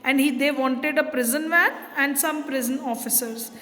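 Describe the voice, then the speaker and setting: A woman's voice: high-pitched, normal speed, sharp tone. A woman English teacher who reads passages from a chapter and then paraphrases them in simple words, with frequent fillers. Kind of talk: explaining a textbook chapter. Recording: long hall reverb.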